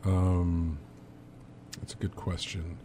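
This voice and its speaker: A man's voice: low-pitched, level tone, slow, dark tone, slight background noise. A man co-hosting a casual gaming news talk, rambling and thinking aloud with many fillers. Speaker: podcast co-host.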